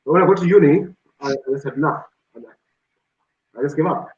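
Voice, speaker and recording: Man in his 40s, show host, animated storyteller, slightly high voice, echoey lo-fi audio. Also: brisk. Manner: lively storyteller who acts out quotes. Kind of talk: casual chat. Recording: roomy, dull lo-fi sound.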